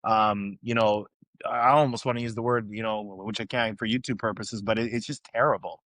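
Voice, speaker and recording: A man's voice: lowish voice, steady tone, moderate pace, a bit bright, no room sound. A man hosting a podcast, asking questions and answering with short reactions. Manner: reactive interviewer, frequent short affirmations. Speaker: podcast host. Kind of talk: casual podcast interview.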